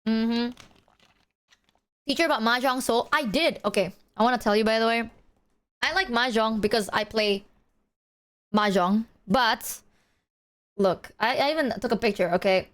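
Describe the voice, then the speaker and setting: A woman streamer chatting casually to her audience, telling stories in an animated way and swearing often. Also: fairly high pitch, normal speed, pauses often. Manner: animated storytelling, heavy swearing. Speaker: live streamer.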